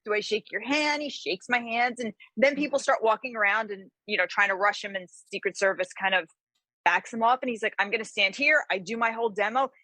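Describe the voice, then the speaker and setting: A woman from the New York area, a guest author telling stories in a casual interview, animated and full of restarts and fillers. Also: mid-range voice, a little fast, no room sound. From New York area, USA. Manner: animated, lots of fillers and restarts, acts out quotes.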